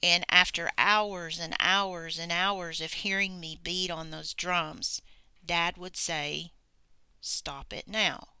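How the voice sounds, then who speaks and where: Slow, bright-voiced woman teacher. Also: fairly low pitch, fairly even intonation, smooth, dry recording. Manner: slow, deliberate explaining, acting out example sentences. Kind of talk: English grammar lesson.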